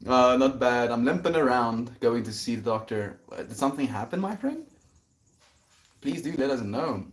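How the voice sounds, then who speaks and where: A man hosting his daily livestream, answering chat in a reflective, rambling way with many fillers. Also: mid-range voice.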